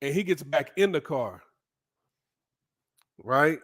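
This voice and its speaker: A man from the United States casually telling a story in an animated, profane way, often checking in with the listener. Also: a little high, slow. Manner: animated, profane, frequent "right?" asides. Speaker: vlogger.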